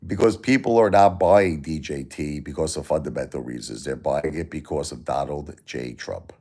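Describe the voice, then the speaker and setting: Man, middle-aged, very low voice, blunt and profane livestream host. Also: normal speed, darkish tone. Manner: blunt, swears freely, rhetorical questions. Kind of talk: casual livestream talk about stocks.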